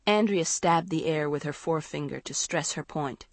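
A woman narrating a chapter book in a measured storytelling read. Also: sits low, no room sound. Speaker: audiobook narrator. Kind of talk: scripted narration.

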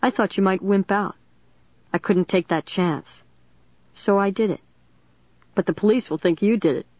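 A woman's voice: medium pitch, normal speed, dry recording, muffled recording, lightly acted. A woman voicing a cold young man confessing.

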